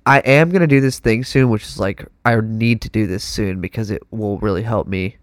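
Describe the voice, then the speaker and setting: A young man with a Texan accent, telling a story in casual chat, animated and full of put-on voices. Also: fairly low pitch, normal speed, dry recording, clean studio sound. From Texas. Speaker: guest musician.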